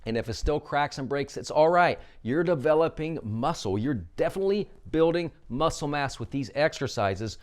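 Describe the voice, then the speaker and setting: A man coaching vocal exercises, guiding listeners through a warmup with upbeat instructions. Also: fairly high pitch, animated, normal speed, hardly any pauses.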